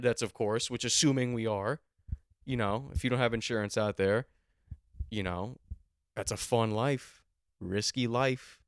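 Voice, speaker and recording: Clean studio audio with no echo carries a young podcast host's medium-pitched voice. He rambles through a comic story, swearing and feigning outrage.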